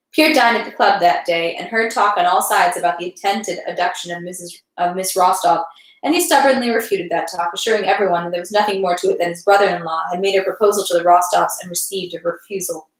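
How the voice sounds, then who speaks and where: A woman's voice: on the low side, a little fast, echoey room, low-quality recording. A woman reading a long novel aloud, changing her tone for the dialogue and sometimes stumbling and restarting. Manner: reads dialogue with shifting tones, occasional slips and restarts. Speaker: reader.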